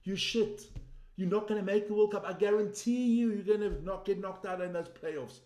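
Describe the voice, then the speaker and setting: A man's voice: high voice, normal speed, a little mellow, natural voice. A man voicing a whining, indignant middle-aged football coach in a mocking, complaining way. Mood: whiny mocking. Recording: roomy echo.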